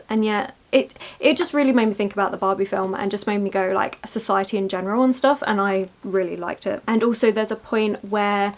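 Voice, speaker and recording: A woman's voice: on the high side, normal speed, few pauses. A woman chatting casually in a reading vlog, enthusiastic and prone to tangents. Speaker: book vlogger.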